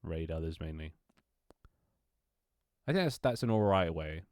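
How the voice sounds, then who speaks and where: Chatting with his stream audience, a young man from London, England speaks in a very low, slightly mellow voice, a bit slowly yet animated. He rambles, swears casually, stumbles and restarts often, and laughs, all on a dry, close recording with no room sound.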